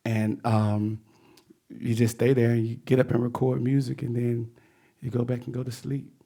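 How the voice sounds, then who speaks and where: A man from Georgia with a Southern US accent, chatting in a relaxed, laughing way between songs in a radio studio. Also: medium pitch, moderate pace, creaky. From Georgia, United States. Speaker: singer-songwriter guest. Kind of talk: casual chat between songs. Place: radio studio with a live audience. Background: live band music.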